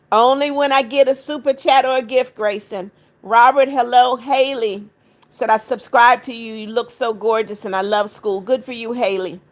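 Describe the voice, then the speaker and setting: A middle-aged woman hosting a livestream, reading viewer comments aloud, warm to kind viewers and firm with rude ones. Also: a little high. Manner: firm, scolding rude commenters, affectionate to others. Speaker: livestream host reading chat. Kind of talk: casual live chat.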